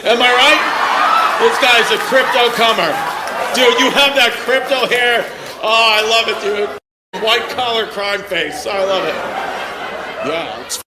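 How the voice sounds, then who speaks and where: A man's voice: very high voice, slow pace, long pauses. A man doing stand-up, teasing audience members with profane, brash crowd work at a live show. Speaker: stand-up comedian. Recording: live room mic with loud crowd. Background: audience laughter and crowd noise.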